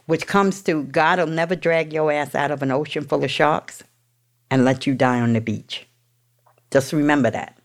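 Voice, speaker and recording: A woman's voice: deep voice, moderate pace. Blunt, profane woman telling her recovery story. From New York. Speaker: recovery speaker. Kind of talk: candid personal recovery story.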